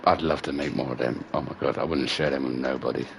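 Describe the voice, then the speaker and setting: A middle-aged man hosting a gaming livestream, chatting casually and swearing through animated stories full of slang. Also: rumbling low, fast talker, slight background noise. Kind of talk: casual chat.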